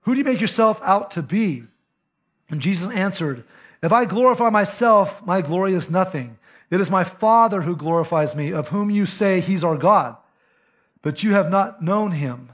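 A man's voice: sits high, animated, moderate pace. A male pastor preaching a sermon, conversational and emphatic, speaking directly to the listeners.

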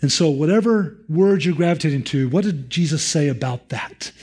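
A man preaching a sermon as a pastor, speaking to his listeners with direct questions and lively retellings. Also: a little high, normal speed, breathy edge.

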